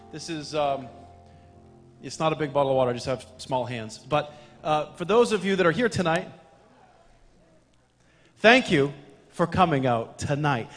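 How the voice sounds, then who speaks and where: A man, a youth pastor, opening his sermon in a relaxed way with self-deprecating humor. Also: on the high side. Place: church sanctuary. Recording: reverberant church hall with faint music.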